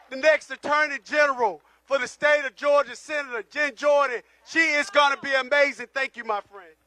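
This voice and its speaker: A man's voice: very high-pitched, fairly even intonation, moderate pace, hardly any pauses, pushed and bright. A man giving a rousing, repetitive campaign rally speech to a crowd. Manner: rousing, repetitive call to action. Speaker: political candidate at a rally.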